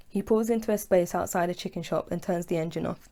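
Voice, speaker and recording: Woman reading her own audiobook, lowish mellow voice, easy first-person storytelling. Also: quick pace. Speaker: author and narrator.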